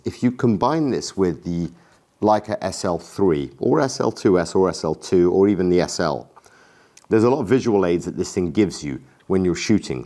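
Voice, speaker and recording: A man's voice: low-pitched, darkish tone. A man in a casual gear review vlog, talking enthusiastically and self-deprecatingly. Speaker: camera gear vlogger.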